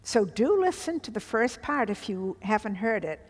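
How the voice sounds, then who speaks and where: A woman's voice: medium pitch, sing-song, normal speed, big-room sound. A middle-aged woman leading a women's Bible study, teaching earnestly with emphatic asides to the group.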